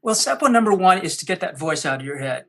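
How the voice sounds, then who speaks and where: A man's voice: high-pitched, very animated, quick pace, vocal fry, fairly bright tone. A man speaking as a podcast guest, coaching listeners with energy and acting out quotes. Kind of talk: podcast interview.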